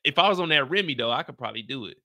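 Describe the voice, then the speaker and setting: A man's voice: mid-range voice, lively intonation, very fast, pushed and bright, no echo, clean studio sound. A man with an American accent recapping a TV episode in casual, slangy chat, reading out viewer questions and reacting playfully. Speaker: show recap host.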